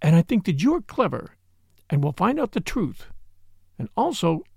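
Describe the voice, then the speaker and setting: Brief: man reading guarded young wife in trouble, lively pitch, dry close sound. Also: moderate pace, creaky, slightly rough, no echo, heavily acted. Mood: earnest. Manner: low, strained, earnest. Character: distressed young woman secretly married, guarded. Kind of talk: audiobook character reading.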